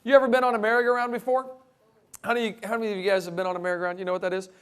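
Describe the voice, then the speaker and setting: A man's voice: sits high, very fast, clean tone. A man giving a humorous talk to a live audience, full of jokes and playful asides. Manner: joking, animated, playful asides. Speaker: creationist speaker.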